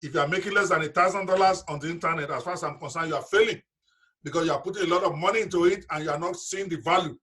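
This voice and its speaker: A man's voice: fairly high pitch, racing, a bit bright, slightly rough. A man leading a live online business seminar, talking directly and emphatically to his audience over a video call.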